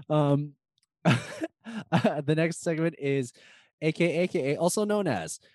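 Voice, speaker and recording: A man's voice: on the high side, very animated, slow, a little mellow, no echo, studio quality. A man hosting a casual comedy podcast, joking crudely and laughing often. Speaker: podcast host.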